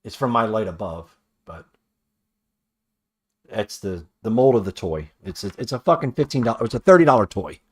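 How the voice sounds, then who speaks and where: A man's voice: lowish voice, animated, normal speed, long pauses, breathy edge. A man casually talking while painting a toy in a cluttered workroom, rambling, swearing often and criticizing his own work. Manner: rambling, profane, self-critical muttering. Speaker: toy customizer.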